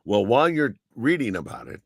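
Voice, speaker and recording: A man's voice: mid-range voice, sing-song, a little fast, husky, no room sound, clean studio sound. An older man, a radio broadcaster guest, chatting eagerly and rambling with many fillers. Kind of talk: casual interview chat.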